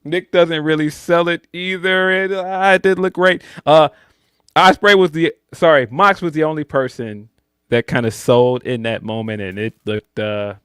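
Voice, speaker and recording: Animated male podcast co-host, dry close mic. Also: a little high, moderate pace, clear, resonant tone, dry recording. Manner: animated, slips into loud slangy put-on voices for jokes. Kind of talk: casual wrestling review chat.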